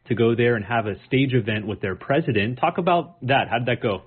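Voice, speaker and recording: A man hosting an interview show, leading the talk in a friendly, smooth way. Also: mid-range voice, a little fast. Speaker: podcast host. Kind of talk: scripted show host intro and interview. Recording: phone-like sound with faint music.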